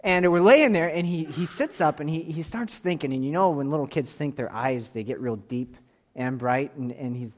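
A man in his thirties leading a church class, telling a story in a relaxed way, with soft asides and emphatic bursts. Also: on the high side, moderate pace. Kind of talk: sermon-style Bible lesson.

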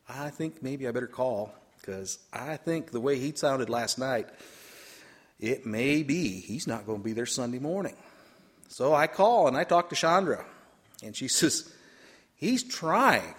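A man preaching a storytelling sermon, animated, swinging between loud bursts and quiet asides. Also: fairly high pitch. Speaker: pastor.

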